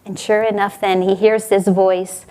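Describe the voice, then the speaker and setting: A woman giving a spiritual talk, telling parables in a gently rhetorical manner. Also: medium pitch, flat delivery, a little slow. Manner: warm storytelling, gently rhetorical. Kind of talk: sermon.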